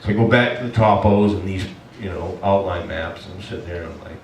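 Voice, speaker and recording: A man preaching as pastor, telling a story in an animated, self-mocking way and acting out his own complaints. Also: low voice, a little fast, a little hiss or hum. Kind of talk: storytelling sermon. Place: church hall. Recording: echoey room from far off.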